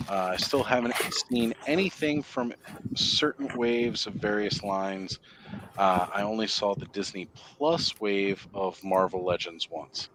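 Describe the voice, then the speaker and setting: A man hosting a live stream, chatting casually and explaining at length in a relaxed, rambling way. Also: fairly low pitch, measured pace, slight background noise. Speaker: livestream host. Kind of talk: casual chat.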